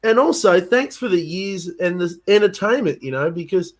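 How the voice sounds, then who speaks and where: An Australian man hosting a live stream chat, effusive and excitable, swearing and saying "mate" a lot. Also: sits high, normal speed. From Tasmania, Australia. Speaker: band member and host.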